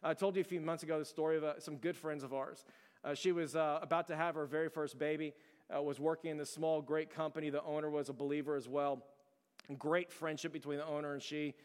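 A man's voice: fairly high pitch, little pitch movement, fast, smooth. A man preaching a sermon as pastor, telling a story in an earnest, conversational and emphatic way. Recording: long reverb of a large hall.

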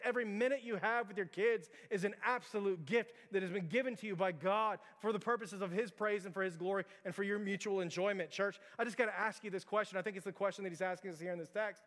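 A pastor preaching a sermon in a church, talking informally with lots of fillers and pressing questions to the congregation. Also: male voice, high-pitched, fairly even intonation, fast, hardly any pauses, a bit bright. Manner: informal, filler-heavy storytelling with direct challenges. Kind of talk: conversational sermon. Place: church sanctuary. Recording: reverberant church hall.

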